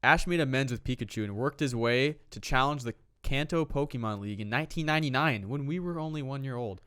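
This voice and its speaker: Teasing young man, mid-pitched. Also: fast, clear, resonant tone. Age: young adult. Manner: teasing, deadpan jokes, laughs often. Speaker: podcast co-host. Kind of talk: casual chat.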